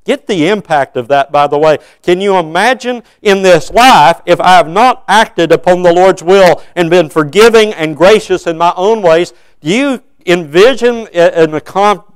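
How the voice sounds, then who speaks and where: Man, sixties, preacher: high, clear voice with earnest questions to the pews. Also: moderate pace, few pauses, no room sound. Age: 60s. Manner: earnest, asks the congregation questions. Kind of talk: sermon. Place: church.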